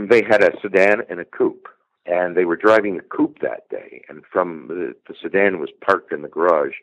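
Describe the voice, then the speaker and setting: A man appears as a guest true-crime researcher on a podcast, telling the story of an old murder. He rambles, repeating words, restarting, and using many uh fillers, in a low-pitched, fairly bright voice on a rough recording with no echo.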